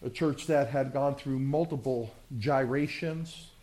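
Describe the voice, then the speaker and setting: A male pastor preaching a sermon with passion, swinging from loud surges to hushed, drawn-out words. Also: mid-range voice.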